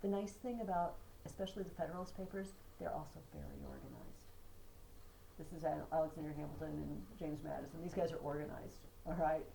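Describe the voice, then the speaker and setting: A woman's voice: deep voice, sing-song, fairly quick, vocal fry, dark tone, slight background noise, poor audio. A woman teacher giving a chatty classroom lesson, chanting poetry rhythms aloud. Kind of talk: classroom lecture.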